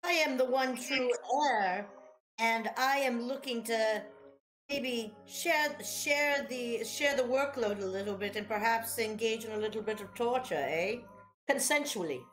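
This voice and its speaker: A woman's voice: fairly high pitch, a little slow, a bit bright, soft background music, poor audio. A woman playing a short, pompous self-proclaimed heir who speaks in mock-archaic phrases. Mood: lofty, scheming. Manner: mock-archaic, grand, teasing.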